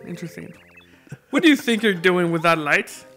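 A man's voice: sits high, animated, moderate pace, bright, forceful tone, faint music behind. A young man casually co-hosting a let's play, chatting and reading game lines aloud. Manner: chatty, reads game dialogue aloud, laughs often. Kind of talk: casual gameplay commentary.

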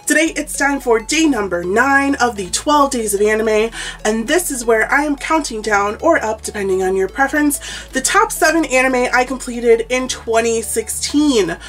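Chatty giggly woman vlogger, distant mic. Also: on the high side. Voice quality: chatty, giggly, quick asides. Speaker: anime vlogger host. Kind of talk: casual countdown commentary vlog. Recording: distant mic with background music.

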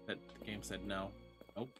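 A man's voice: lowish voice, level tone, measured pace. A man giving casual, loose gameplay commentary as a streamer, swearing now and then. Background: game music.

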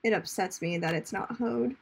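A young woman streaming a game, chatting casually, reading chat aloud, laughing often and breaking into loud screams at enemies. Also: mid-range voice, normal speed, creaky, husky. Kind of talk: casual gaming commentary.

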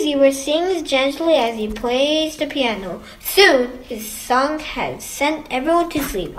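A woman reading a children's picture book aloud, slowly and carefully, with occasional slips. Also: high voice, lively intonation, fairly bright tone, a little hiss or hum. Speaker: storybook reader.

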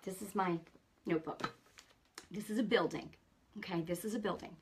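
A middle-aged woman hosting a faith show, telling a personal testimony in an animated, conversational way and acting out the dialogue. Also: lowish voice, moderate pace, background noise. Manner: animated storytelling, acts out dialogue; conversational, many fillers. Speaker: host.

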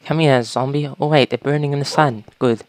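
A woman casually commentating a video game, talking to creatures and breaking into panicked shouts. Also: rumbling low, steady tone, brisk, dry recording. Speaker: gaming YouTuber.

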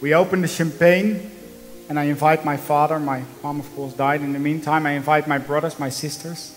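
A man's voice: a little high, steady tone, normal speed, big-room sound, soft background music, low-quality recording. A man in his thirties from the Netherlands with a Dutch accent, giving an earnest, emphatic motivational talk to a conference, telling stories in his second language. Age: 30s. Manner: earnest, emphatic, storytelling with small slips in English. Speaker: conference speaker. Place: conference hall.

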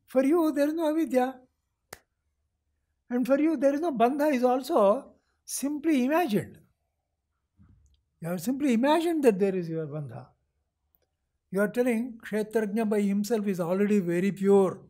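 A man's voice: very high-pitched, animated, moderate pace, long pauses, warm tone. A man with an Indian accent giving a scripture lecture as a spiritual teacher, explaining patiently and often checking whether his listeners follow. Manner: acts out a seeker's voice in quoted lines.

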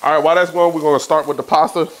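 A man at a cooking contest, talking in an animated, teasing way. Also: on the high side, racing, poor audio. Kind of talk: casual chat.

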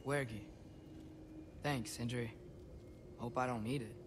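A man's voice: medium pitch, fairly even intonation, slow pace, background noise, close to an everyday voice. A man voicing an earnest young demigod. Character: earnest young male demigod, hopeful son.

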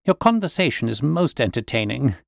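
A man voicing a calm detective who speaks in a cool, bland, dryly amused way. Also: medium pitch, a little fast, vocal fry, no echo, studio quality. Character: calm, witty male detective, unflappable.

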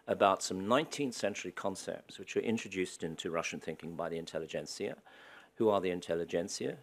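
A man giving a public lecture in a wry, anecdotal way with dry humor. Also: low voice. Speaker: guest lecturer.

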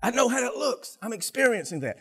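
An older man, a pastor, preaching a sermon to his congregation with animated delivery and audience banter. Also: very high voice, fairly quick, husky. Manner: animated, laughing, talking to the congregation.

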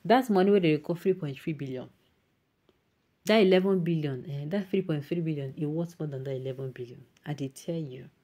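A woman's voice: sits low, fairly quick, dark tone. A woman with a Nigerian accent hosting an online news show, reading viewer comments aloud and mixing in emphatic Pidgin asides.

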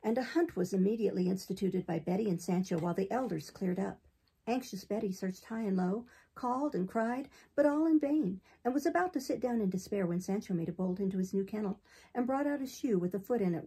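A woman reads a classic novel aloud in a steady, unhurried way. Her voice is deeply husky with a gravelly fry, and her tone is dark and mellow. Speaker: audiobook reader.

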